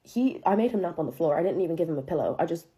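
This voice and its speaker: A woman's voice: fairly low pitch, lively intonation, rapid-fire, mellow. Profane young woman telling a story. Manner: profane, chatty, heavy use of filler "like"; incredulous, dramatic retelling. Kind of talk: casual storytime monologue.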